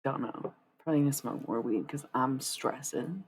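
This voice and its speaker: A woman streamer chatting casually, rambling and swearing, swinging between loud and hushed. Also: extremely low pitch, normal speed, slightly rough. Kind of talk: casual live-stream chat.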